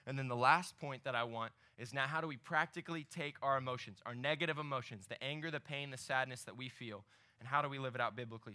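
Young male ministry leader, very bright tone, mid pitch, chatty storytelling sermon. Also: quick pace. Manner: conversational preaching, animated storytelling with asides to the audience.

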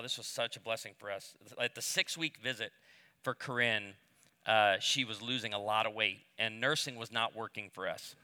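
A man's voice: medium pitch, pushed and bright, clean tone, in a large hall. A middle-aged man preaching on marriage to a live audience, telling stories with humor and self-deprecating asides. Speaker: pastor speaking on marriage. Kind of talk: sermon-style talk to a live audience.

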